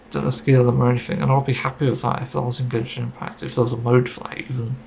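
A man's voice: medium pitch, flat delivery, very fast, gravelly, a little mellow, slight background noise, low-quality recording. A man giving a casual, rambling opinion monologue about a game, getting frustrated and swearing casually. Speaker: gaming video creator.

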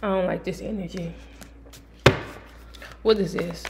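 A woman giving a casual tarot reading from home, blunt and profane, breaking into loud sudden outbursts. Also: on the low side, steady tone, a little slow, heavy background noise. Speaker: tarot reader.

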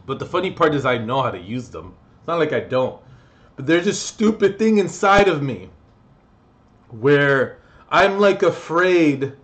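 A man's voice: medium pitch, big pitch swings, normal speed, pauses often, lo-fi sound. Profane, rambling young man vlogging. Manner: profane, jokey, swings between loud outbursts and mumbling. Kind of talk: rambling comedic monologue vlog.

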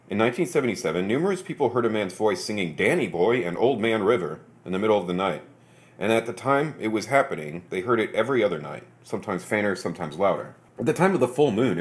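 A man hosting a podcast, reading articles aloud in a steady, measured way and breaking off for quick low asides.

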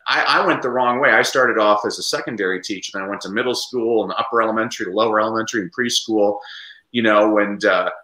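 A man speaking as a guest educator on a video call, energetic and animated, telling classroom stories. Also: lowish voice, quick pace, echoey room, rough recording. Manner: energetic, lively, puts on voices in anecdotes. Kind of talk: animated conversational storytelling.

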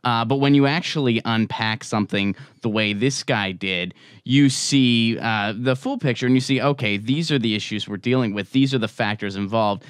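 A man co-hosting a casual discussion, talking in a thoughtful, measured way and searching for words. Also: mid-range voice, clear, resonant tone, no room sound, studio quality. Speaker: co-host.

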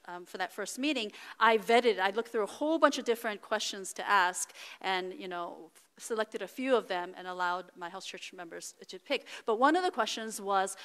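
A woman's voice: mid-range voice, a bit bright. A middle-aged woman pastor giving a sermon in a chatty, storytelling way, full of fillers like "you know" and "right". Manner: conversational, anecdotal, many fillers. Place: church sanctuary. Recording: reverberant church hall.

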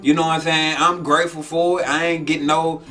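A man's voice: fairly high pitch, fast, soft background music. A man hosting his own channel, telling a story in casual slang and acting out the quotes in a raised voice. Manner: animated, acts out quotes in a raised voice, profane slang. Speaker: channel host.

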